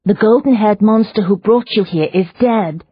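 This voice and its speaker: A woman reading an audiobook voices a calm, determined young Victorian heroine who speaks gently but firmly. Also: medium pitch, normal speed, breathy edge, dull audio, voice pushed up, close to an everyday voice. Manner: gentle but firm, soothing. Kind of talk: audiobook character voice.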